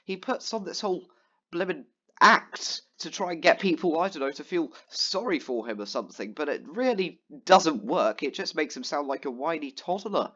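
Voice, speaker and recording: A fairly high-voiced man rambles through a casual rant, piling up ums and false starts as he vents. The sound is dull and lo-fi, like a cheap home mic. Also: expressive, moderate pace, pushed and bright. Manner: rambling, exasperated storytelling with many fillers. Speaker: gaming vlogger. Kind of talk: casual ranting commentary over gameplay.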